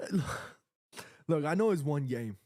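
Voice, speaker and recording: An excitable man hosts a live football watchalong from his apartment, chatting to his viewers in loose, slangy fan talk that swings into emotion. His voice sits a little high. It sounds close and dry, like a home streaming mic. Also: no echo. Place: home apartment with neighbors nearby.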